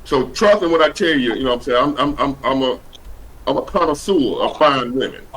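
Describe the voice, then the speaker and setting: A man's voice: mid-range voice, animated, brisk, a bit bright, rough recording. A man hosting a livestream over a video call, talking bluntly and preachily in casual slang with plenty of cussing. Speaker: livestream host.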